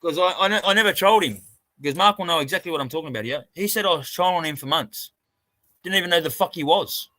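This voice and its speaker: A man's voice: a little high, fast, sharp tone, dry recording. An Australian man hosting a livestream, a sweary, rambling storyteller who restarts his sentences often. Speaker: livestream host. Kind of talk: casual livestream chat.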